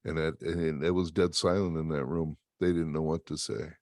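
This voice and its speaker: A man telling stories in an interview, emphatic and animated, laughing often. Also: a bass voice, normal speed, dry recording, clean studio sound. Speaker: interview guest and motivational speaker. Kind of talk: storytelling in an interview.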